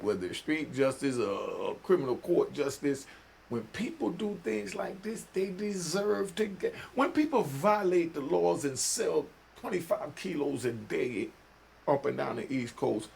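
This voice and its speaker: This older New York vlogger has a slightly high voice with vocal fry and a darkish tone, and a little hiss or hum sits in the recording. His casual commentary leans on preachy street slang, punctuated by "you know what I mean?"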